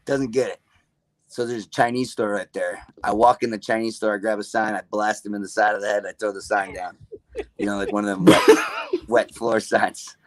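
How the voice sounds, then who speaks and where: A man's voice: fairly low pitch, steady tone, normal speed, dry recording. A man, a guest on a podcast, telling stories in a loose, profane way and saying "dude" a lot. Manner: laid-back, profane, says "dude" a lot. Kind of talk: casual storytelling.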